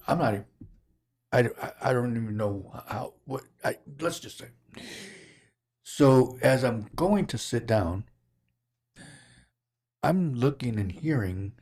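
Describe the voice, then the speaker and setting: A man's voice: medium pitch, a little mellow. A man hosting a podcast, telling a story in casual chat, rambling, breaking off mid-sentence and laughing often. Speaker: podcast host.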